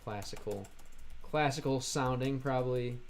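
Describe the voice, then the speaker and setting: A young American man chatting on a live stream, reading chat aloud and working through halting Russian with lots of fillers. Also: medium pitch, a little hiss or hum. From United States.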